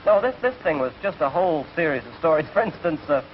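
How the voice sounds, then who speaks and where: A man's voice: on the high side, lively intonation, fast, slight background noise, close to an everyday voice. A young English man in his twenties, a genial, chatty entertainer telling jokes in 1940s film dialogue, on a muffled old film soundtrack. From England. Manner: genial, chatty storyteller who laughs at his own gags. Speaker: entertainer just out of the service.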